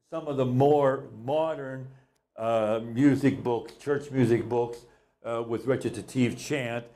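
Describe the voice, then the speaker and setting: A man's voice: mid-range voice, a little mellow. A man teaching a recorded music lesson, explaining patiently, repeating key points and counting beats aloud.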